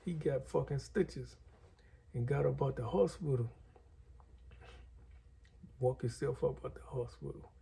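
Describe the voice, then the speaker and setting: Very dark-voiced man telling a story. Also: mid-range voice, measured pace, vocal fry, long pauses, slightly rough. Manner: loose, slangy and profane, with lots of fillers. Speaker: guest storyteller. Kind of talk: casual storytelling.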